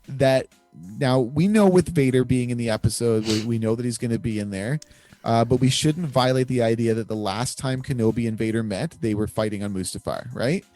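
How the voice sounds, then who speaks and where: A man's voice: medium pitch, fairly quick, dark tone, faint music behind. A man co-hosting a casual fan discussion show, rambling with many fillers and frequent laughs. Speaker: podcast co-host.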